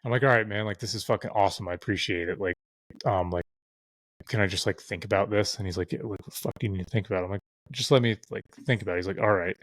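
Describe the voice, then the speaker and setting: A man's voice: fairly low pitch, very fast, no room sound. A man guesting on a podcast, telling stories in a loose, profane way with lots of fillers. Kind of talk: casual storytelling chat.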